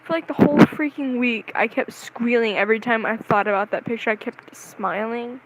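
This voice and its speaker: Brief: high-voiced woman, chatty vlogger, rambling and excitable, self-mocking asides. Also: moderate pace, slight background noise, low-quality recording. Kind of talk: casual storytelling to camera.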